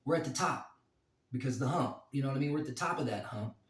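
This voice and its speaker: A man in his forties rambles through a crude story, full of ums and asides. His voice sits at a middle pitch and sounds roomy, recorded some distance from the mic. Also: fast. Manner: rambling, crude humor, many fillers. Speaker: vlogger, former bouncer. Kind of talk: casual storytelling.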